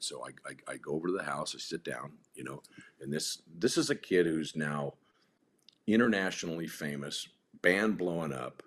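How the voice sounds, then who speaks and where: A man's voice: extremely low pitch, fairly bright tone, slightly rough. A man telling a story in an interview, blunt and profane, acting out the voices of the people in it. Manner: blunt, profane, acts out quotes with rising intensity. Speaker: podcast guest.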